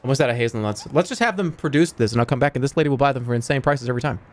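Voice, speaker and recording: A man streaming a video game, talking his way through it with sudden yelps, swearing and bursts of excitement, and sometimes reading the game's dialogue aloud. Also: medium pitch, rapid-fire. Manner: excitable, swearing, yelps and shouts when things go wrong. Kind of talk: live gameplay commentary.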